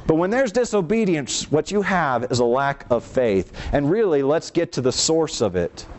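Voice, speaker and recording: Emphatic male preacher, fairly high voice. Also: big pitch swings, normal speed. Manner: emphatic, swings between soft low and raised lines; rhetorical questions to the congregation. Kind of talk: sermon.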